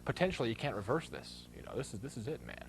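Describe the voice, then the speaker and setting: A man putting on the voice of a cautious male doctor who warns slowly in a low, drawn-out tone. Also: very animated, background noise. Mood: cautioning.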